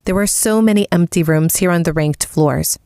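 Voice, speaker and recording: A woman reading a first-person audiobook story in a calm, even storytelling manner. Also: on the low side, normal speed, no echo, clean studio sound. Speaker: audiobook narrator.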